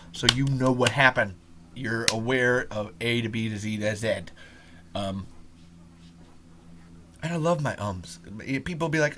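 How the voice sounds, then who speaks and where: A man's voice: on the low side, a bit bright, a little hiss or hum. A man hosting a podcast alone, ranting loosely with frequent ums, restarts and swearing. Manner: rambling, profane, lots of ums and restarts. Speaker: podcast host. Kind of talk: solo podcast rant.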